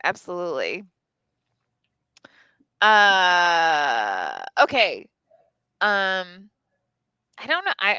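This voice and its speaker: A woman's voice: on the low side, pushed and bright, smooth, no room sound. A woman in her thirties chatting casually, enthusiastic and swearing freely as she shares a personal story. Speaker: co-host.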